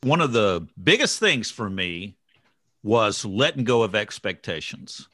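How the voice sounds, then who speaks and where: Reflective male co-host, animated delivery, dry mic. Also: on the low side, unhurried, no echo. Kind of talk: casual group chat on recovery.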